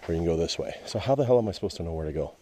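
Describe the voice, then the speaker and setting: A Canadian man with a very low, deep voice talks to his action camera as he walks a wooded trail. He is wry and grumbles about the signs, chatting casually. A faint hiss of outdoor noise sits behind him. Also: expressive, racing, warm tone. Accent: Canadian English. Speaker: hiking vlogger. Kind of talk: casual narration while hiking.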